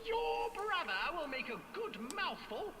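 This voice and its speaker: A man voicing a cruel, greedy old female witch in a high, sing-song, theatrical voice for a game's storybook ride. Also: very animated, takes it slowly, exaggerated voice. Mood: menacing. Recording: long reverb with music behind.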